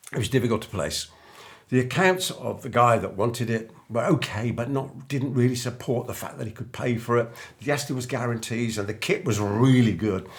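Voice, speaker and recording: Gravelly older man telling a story. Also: lowish voice. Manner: anecdotal, acts out remembered dialogue. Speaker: business coach. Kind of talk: storytelling monologue to camera.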